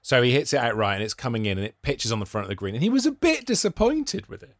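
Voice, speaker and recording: A man's voice: medium pitch, quick pace, no echo. A young man, a podcast co-host, telling stories in casual chat and acting out what people said. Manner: animated storyteller, acts out quoted voices.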